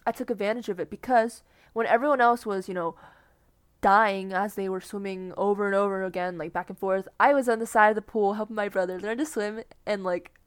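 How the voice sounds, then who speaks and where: A young woman co-hosting a podcast, telling stories in relaxed casual chat. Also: mid-range voice, brisk, clear, resonant tone, no echo, clean studio sound. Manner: relaxed storytelling with frequent laughs. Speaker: podcast co-host.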